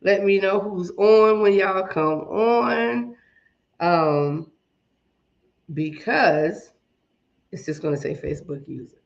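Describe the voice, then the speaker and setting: This woman hosts a relaxed livestream, greeting viewers individually and chatting with them in a slightly shaky, medium-pitched voice. She talks slowly with vocal fry and long pauses. Her iPad and phone sit at arm's length, and the sound is lo-fi.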